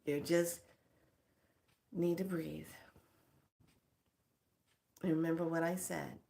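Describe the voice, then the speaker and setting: Frank, expressive middle-aged woman. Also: low voice, takes it slowly, creaky. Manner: frank and expressive, laughs often. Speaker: spiritual teacher. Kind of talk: casual spiritual pep talk.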